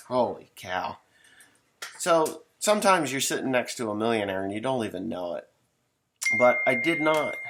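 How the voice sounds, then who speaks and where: Gravelly folksy farmer man, rambling. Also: mid-range voice, a bit bright, slight background noise. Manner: rambling, folksy, swears casually. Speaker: farmer telling stories. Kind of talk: casual storytelling monologue.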